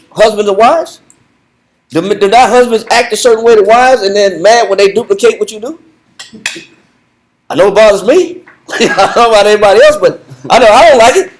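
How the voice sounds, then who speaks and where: A man leading a Bible study lesson in a conversational, animated way, repeating himself and laughing often. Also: sits high, poor audio. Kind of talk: conversational teaching.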